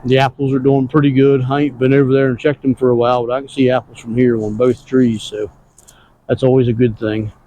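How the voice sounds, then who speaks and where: A man strolling through his farm garden outdoors, giving a loose and easygoing weekly update. His voice is warm and mellow, and his talk is plain and rambling, in everyday country grammar. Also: medium pitch, flat delivery, brisk, lo-fi sound, slight background noise. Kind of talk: casual walk-through narration.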